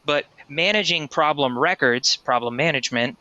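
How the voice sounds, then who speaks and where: During a live software demo in a webinar, a man explains things conversationally, often ending sentences with "right?". His voice is a little high and his pace moderate; the recording has no room sound and its highs are cut off.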